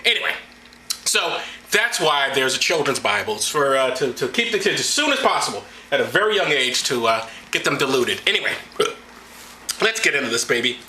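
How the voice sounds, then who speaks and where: A man's voice: mid-range voice, sing-song, brisk, pushed and bright, slight background noise. A man hosting a comedic video, reading the Bible aloud with mocking, rambling sarcasm. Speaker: vlog host. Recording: roomy echo.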